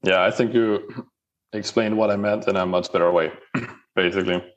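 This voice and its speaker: A man's voice: lowish voice, fairly even intonation, normal speed, highs cut off. A man, a guest in a casual roundtable, talking hesitantly with many fillers.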